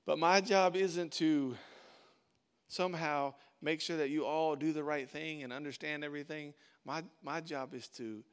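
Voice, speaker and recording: A male pastor preaching a sermon in an informal, conversational way, repeating words for emphasis. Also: fairly high pitch.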